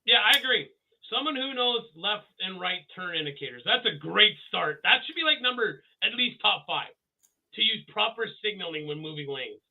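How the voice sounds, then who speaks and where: High, gravelly man on a tinny line. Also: normal speed. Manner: animated, acts out quotes, stammers. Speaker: podcast co-host. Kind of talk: casual storytelling chat. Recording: tinny phone-like audio.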